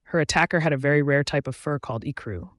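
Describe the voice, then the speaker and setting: A man's voice: a little high, fast, a bit bright, no room sound, clean studio sound, close to an everyday voice. A man voicing a cheerful female nurse with a Southern US accent. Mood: informative. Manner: chirpy.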